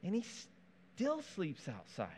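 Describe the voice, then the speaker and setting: A man preaching a sermon in a conversational, animated way, with asides and playful touches. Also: high-pitched, measured pace, a little hiss or hum. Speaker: pastor.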